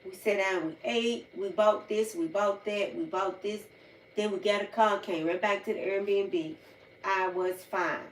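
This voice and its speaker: In a steady, unhurried, medium-pitched voice, this American livestream host chats casually and emphasizes things by repeating them. She's recorded from a distance in a roomy space with faint ambience.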